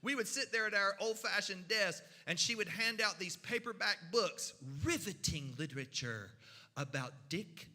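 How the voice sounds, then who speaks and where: A storyteller from the mountains, telling a funny story in a folksy, animated way, with sound effects and voices. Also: male voice, high voice, moderate pace, few pauses. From Kentucky mountains. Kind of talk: humorous storytelling. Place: church hall. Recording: reverberant hall.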